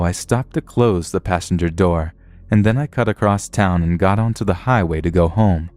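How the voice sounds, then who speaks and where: A man giving a scripted narration of a true horror story in a calm, matter-of-fact way. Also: low voice, no room sound.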